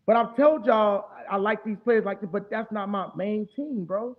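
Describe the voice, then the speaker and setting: A man's voice: sits high, normal speed, hardly any pauses. A man from New Orleans with a New Orleans accent, hosting a casual live stream and talking in a profane, rambling, heated way. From New Orleans, Louisiana. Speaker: streamer host. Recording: tinny phone-like audio.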